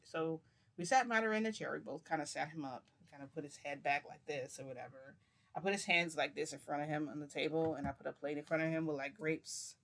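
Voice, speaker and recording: A man's voice: on the high side, fairly bright tone. A man casually telling a story, rambling with fillers and acting out voices.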